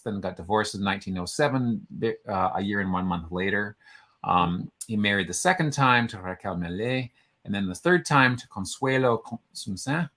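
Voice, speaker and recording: A man co-hosts a casual online show, rambling chattily as he reads out entries and trips over names. His voice is fairly low in pitch with a slightly bright quality.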